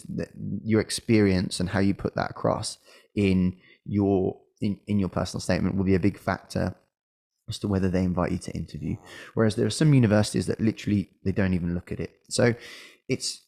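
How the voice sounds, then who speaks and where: A middle-aged man who coaches medical school applicants gives casual advice in a low, somewhat fast, slightly mellow voice with vocal fry. He sounds a bit unwell, coughing now and then, and speaks hesitantly with fillers and frequent restarts.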